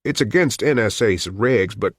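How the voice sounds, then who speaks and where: A man's voice: on the low side, lively intonation, normal speed, slightly rough, dry recording, studio quality. A man voicing a cautious male airline pilot who speaks carefully and hesitantly in an audiobook.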